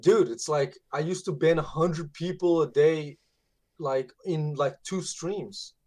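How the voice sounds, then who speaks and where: A man who moderates a streamer's channel, chatting on a live stream in an emphatic, animated way. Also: on the high side, slow, no echo. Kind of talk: casual live-stream chat.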